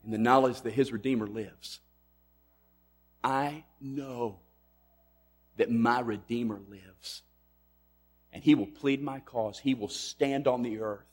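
Man preaching, big swings loud to soft, some music behind. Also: mid-range voice, steady tone, takes it slowly, pauses often, husky. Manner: emphatic, swings between loud and hushed. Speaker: pastor. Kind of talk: sermon.

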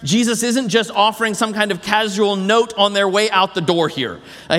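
A man preaching a sermon as pastor, animated, dropping low and slow on key phrases. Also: long reverb tail.

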